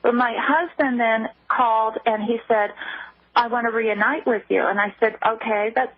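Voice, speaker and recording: A woman guest speaking on a phone line in a radio interview, halting, with many restarts. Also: on the high side, steady tone, no echo. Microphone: telephone. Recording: tinny phone line, dry.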